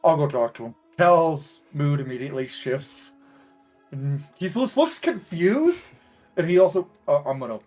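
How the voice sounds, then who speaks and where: A man's voice: a little high, very animated, moderate pace, a little mellow, soft background music. A man playing a tabletop game who casually describes his character's actions. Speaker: player.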